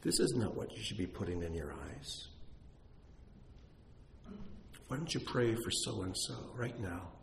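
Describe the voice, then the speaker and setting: A man voicing the gentle, still small voice of God, very soft and hushed. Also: low-pitched, sing-song, normal speed, vocal fry, echoey room, slight background noise, heavily acted.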